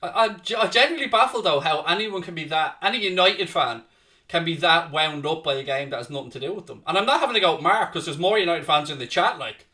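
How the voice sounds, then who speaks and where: A man hosts a live football watchalong, swearing freely as he urges his side on and mocks rival fans. His voice is high and bright, with a sharp edge. The mic sits some way off. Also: fast talker, recorded from a distance. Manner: swearing, excitable, cheering on his team and winding up rivals. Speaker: host of a football fan watchalong. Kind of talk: live reactive match commentary, casual banter.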